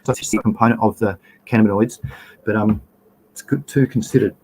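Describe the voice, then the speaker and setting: A man's voice: lowish voice, fairly even intonation, brisk, darkish tone, slight background noise, poor audio. An Australian man hosting a casual livestream, rambling through slides, trailing off and restarting, greeting viewers in chat. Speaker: livestream host.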